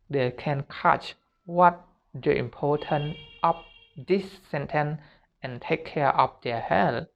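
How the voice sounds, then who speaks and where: A man delivers a motivational self-help talk at an unhurried, deliberate pace. His phrasing is simple and repetitive, earnest throughout, like a non-native speaker. The recording sounds muffled and lo-fi. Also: mid-range voice.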